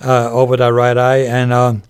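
An older man, a former boxer and referee, telling animated stories with laughter in an interview. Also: mid-range voice, normal speed, smooth. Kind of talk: storytelling in a podcast interview.

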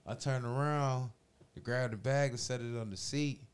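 At a normal speed and with a smooth, mid-range voice, a man in his forties relates a long tale over casual talk. The slangy, cursing street speech comes with lively impressions of everyone in the story.

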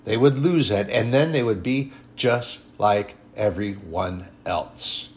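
A man preaching a sermon with emphatic delivery, swinging between hushed and raised passages. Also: on the low side, slow.

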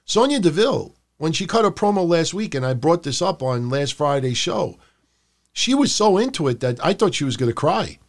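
A man's voice: on the high side, very animated, normal speed. A man co-hosting a podcast, chatting casually about wrestling and mocking promos in put-on voices. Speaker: podcast co-host.

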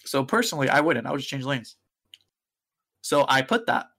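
A young male podcast co-host tells a story in casual conversation, acting out the voices of the other people involved and laughing often. He talks at a moderate pace in a medium pitch with vocal fry.

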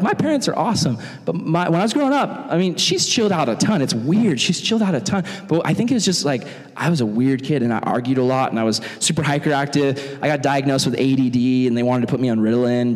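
A young adult man giving an animated sermon in a church, acting out other people's voices as he talks. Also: mid-range voice, fast, hardly any pauses. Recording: long reverb in a church hall.

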